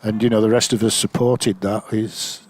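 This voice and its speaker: A man's voice: lowish voice, little pitch movement, normal speed, darkish tone, husky. An older man, a former player reminiscing in a rambling, anecdotal way with many fillers. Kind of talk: reminiscing commentary chat.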